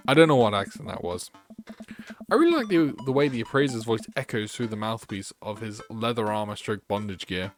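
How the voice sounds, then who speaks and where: Man, game streamer, lively up-and-down voice, reads game text aloud, faint music behind. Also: lowish voice, brisk. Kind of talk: gaming livestream chat.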